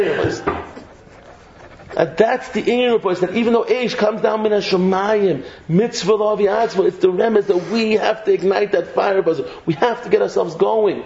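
A man giving a lively Torah lecture, joking and mixing Hebrew terms into English. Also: high voice, gravelly. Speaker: rabbi giving a Torah class. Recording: echoey room, slightly dull sound, faint noise.

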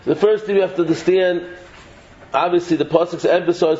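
A man teaching an animated Torah shiur, repeating words as he builds each point and mixing English with Hebrew and Yiddish terms. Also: a little high, fairly quick, vocal fry. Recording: echoey, dull, faint noise.

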